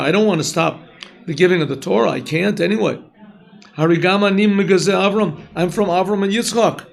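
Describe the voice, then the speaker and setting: A rabbi gives a Torah lesson in a high voice with a gravelly edge. He moves between reading Hebrew lines and explaining them in English. He clears his throat often as he talks to his students. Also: normal speed. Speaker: rabbi teaching a class. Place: yeshiva classroom.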